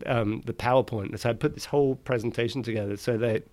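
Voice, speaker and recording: A man tells a story at a middling pitch, the way anyone would in a relaxed podcast chat. He rambles and restarts, drops swear words, and leans on "like" constantly. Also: fast. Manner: rambling, swearing, many "like" fillers. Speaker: podcast guest. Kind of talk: casual storytelling.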